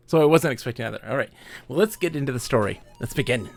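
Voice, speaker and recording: A man's voice: medium pitch, animated, fast talker, gravelly. A man live-streaming a game, chatting casually and muttering to himself in mild exasperation. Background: game music.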